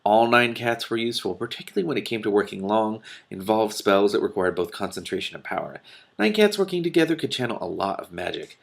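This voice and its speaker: A man's voice: lowish voice, lively intonation, fast talker, vocal fry. A man reading a fantasy novel aloud, casually, stumbling and restarting now and then. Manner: reads with restarts and slips, breaks into laughter. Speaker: reader of a novel with commentary. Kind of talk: casual read-aloud narration.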